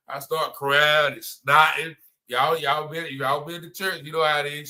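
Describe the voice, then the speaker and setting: A man's voice: on the high side, fairly even intonation, moderate pace, bright, forceful tone. A man from North Carolina, giving a spoken religious testimony in a conversational way, often repeating himself and saying "you know" and "man.".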